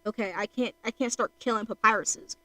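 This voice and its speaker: A woman's voice: on the high side, fairly even intonation, a little fast, sharp tone, no room sound. A woman voicing a frantic, grieving skeleton. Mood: pleading. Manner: frantic, stammering outbursts. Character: grieving male skeleton, obsessive and volatile.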